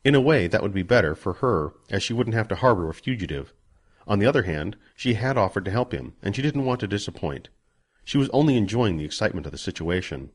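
Guy reading an audiobook, low voice, really animated, does all the voices. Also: quick pace, husky. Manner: expressive, voices characters. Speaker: narrator. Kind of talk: audiobook narration.

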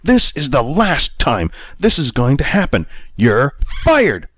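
A man's voice: medium pitch, wildly swooping pitch, takes it slowly, fairly bright tone, no room sound, voice pushed up, heavily acted. A man voicing a mean male bakery manager who screams and scorns. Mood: furious.

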